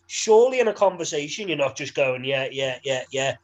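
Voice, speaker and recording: A man's voice: fairly high pitch, sing-song, fast talker, few pauses, highs cut off. A young man with a Liverpool accent, co-hosting a podcast in casual, laddish banter, swearing and laughing freely. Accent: Liverpool English. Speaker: podcast co-host.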